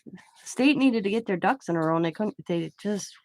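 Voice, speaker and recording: A woman's voice: mid-range voice, lively intonation, brisk, no echo. Blunt, opinionated woman chatting. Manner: blunt, opinionated, swears casually. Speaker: craft channel host. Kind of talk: casual chat while crafting.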